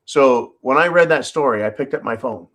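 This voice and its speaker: A man's voice: mid-range voice, normal speed, a bit bright. A man hosting a show in a casual, swearing rant and often chuckling. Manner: profane, ranting, chuckling often. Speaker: host. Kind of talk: casual ranting monologue.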